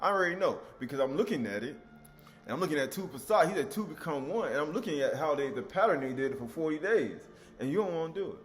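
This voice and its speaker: A man's voice: fairly high pitch, animated, quick pace, faint music behind. A man teaching scripture in an emphatic, conversational way, acting out the voices of people he quotes. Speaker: preacher.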